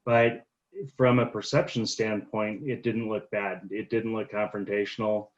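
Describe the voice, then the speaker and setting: A man's voice: fairly low pitch, flat delivery, measured pace. A man on a panel who teaches officials, talking in a thoughtful, hedging way over a video call. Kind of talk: casual panel discussion. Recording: dull lo-fi call audio.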